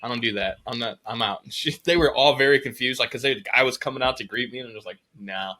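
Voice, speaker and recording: A man's voice: mid-range voice, quick pace, sharp tone. A man hosting a podcast in casual chat, laid-back and swearing freely as he tells stories and acts out the people in them. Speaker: podcast host.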